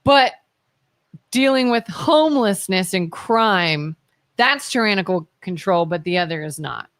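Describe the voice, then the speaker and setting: A woman's voice: mid-range voice, lively intonation, measured pace, fairly bright tone, dry recording. Woman co-host on live talk, argues back w rhetorical questions, dry studio sound. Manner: argumentative, fires rhetorical questions. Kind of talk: live talk radio debate.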